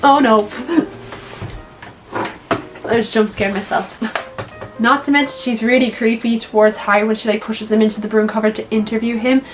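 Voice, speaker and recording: A young woman chatting casually in her video, animated and blunt, swearing freely and saying "like" a lot. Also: on the high side, brisk, over music, low-quality recording. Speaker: YouTuber. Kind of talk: casual movie-ranking chat.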